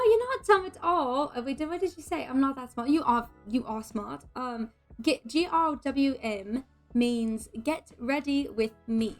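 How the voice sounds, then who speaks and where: Woman putting on a high-voiced mock English accent, casual stream chat. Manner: chatty, greets and thanks chat while doing her hair.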